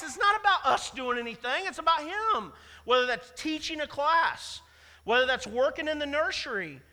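A man's voice: very high-pitched, pushed and bright, big-room sound. A man preaching a sermon as pastor, talking in an emphatic, conversational way and repeating his key phrases for weight. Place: church sanctuary.

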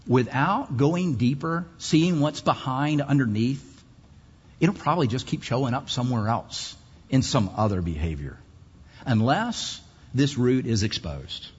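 A man preaching a sermon in an emphatic way, his pitch swinging widely, with long pauses. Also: slightly rough. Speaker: pastor. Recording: muffled hall recording.

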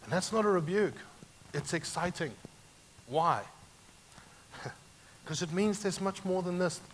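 A male pastor delivers a sermon with a bright, forceful tone in a slightly raised register. His delivery is animated, swinging between loud emphatic points and quiet, hushed asides. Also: a little high, a little hiss or hum.

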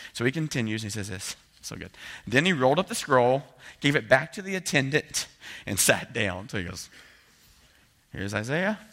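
A man's voice: a little high, sharp tone. A man preaching a conversational sermon in a church, voicing his listeners' doubts in quotes. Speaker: pastor. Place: church building. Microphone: handheld mic.

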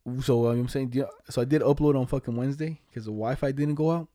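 A young man rattles off a rambling story at a fast clip, full of slang and cursing. His voice is dark and mellow, and the recording is dry and close. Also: medium pitch, fairly even intonation, dry recording. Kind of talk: casual chat.

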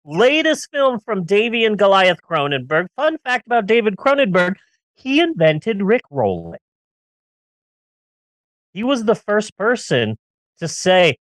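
A man's voice: high voice, sing-song, a little slow, fairly bright tone, no room sound. A man co-hosting a casual movie-review podcast, ranting sarcastically and riffing with jokes. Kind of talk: casual comedic film review chat.

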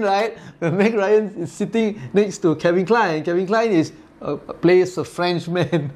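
Chatting casually, this forties-aged man from Malaysia has a high-pitched but darkish voice and a Malaysian English accent. His talk wanders, padded with filler words and punctuated by frequent laughter.

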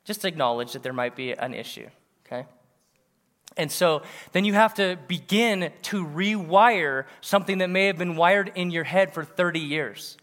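High bright-voiced male preacher in a reverberant hall. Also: normal speed. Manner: animated, punchy, with bursts of laughter. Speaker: pastor. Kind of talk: sermon.

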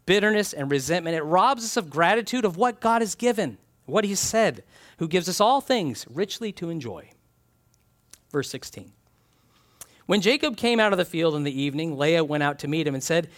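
A man preaching a sermon, reading scripture aloud and telling stories with animated little acted-out scenes. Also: on the high side, normal speed. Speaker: pastor.

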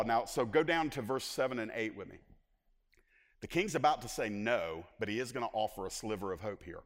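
A man preaching a sermon as pastor, swinging between loud emphatic lines and hushed asides. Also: fairly low pitch, fairly quick, in a large hall.

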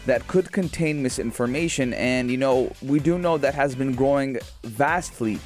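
A man's voice: mid-range voice, moderate pace, soft background music. A man co-hosting a radio show, chatting casually and jokily with lots of fillers in a studio. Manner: jokey, animated, lots of fillers. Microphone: studio microphone.

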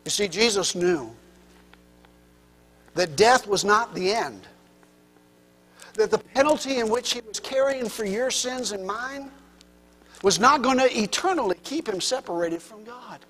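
A man preaching a sermon with passion, his delivery swinging from hushed near-whispers to loud, rising cries. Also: high-pitched, expressive, unhurried, long pauses, husky. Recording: long reverb of a large hall.

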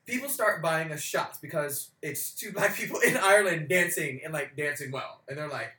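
As a podcast co-host, a young man tells a rowdy story at a moderate pace, swearing freely and imitating the voices of people he met in a casual, animated chat. His voice is a bit high, bright and forceful, and the room has a noticeable echo.

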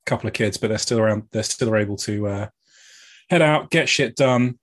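A man in casual podcast chat, halting and repeating words as he pitches ideas. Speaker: podcast co-host.

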